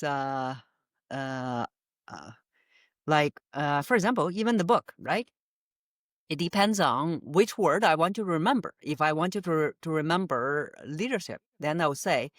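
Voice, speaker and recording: A woman's voice: sits low, no room sound, studio quality. A woman voice coach answering interview questions, explaining with frequent "uh" fillers and light laughs. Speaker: voice coach guest.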